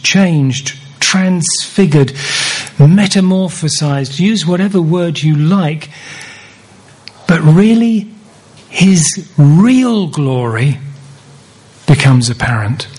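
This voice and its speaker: A male preacher delivers his sermon at an unhurried, measured pace, lingering on words and stacking phrases for weight. His voice sits a little high for a man and carries a husky, breathy grain. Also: a little mellow, rough recording. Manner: deliberate, repeats key phrases for emphasis.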